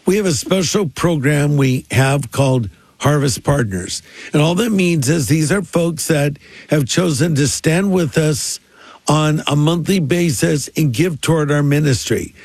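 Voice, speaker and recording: A man's voice: on the high side, measured pace, darkish tone, breathy edge, no echo. A man, a pastor, preaching and making a conversational appeal on a radio program.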